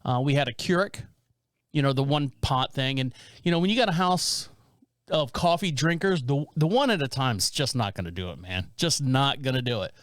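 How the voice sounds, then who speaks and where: A man's voice: medium pitch, normal speed, no room sound. Man, forties, podcast co-host, rambling anecdotes, dry close mic. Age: 40s. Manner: rambling, animated storytelling with frequent restarts. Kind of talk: casual storytelling chat.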